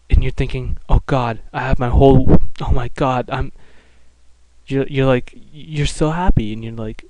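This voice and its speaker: A man's voice: medium pitch, fairly even intonation, normal speed, warm tone, a little hiss or hum, low-quality recording. A young man giving joking, mock-dramatic commentary while playing a video game. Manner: joking, mock-dramatic, narrates in second person. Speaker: let's play commentator. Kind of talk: casual gameplay commentary.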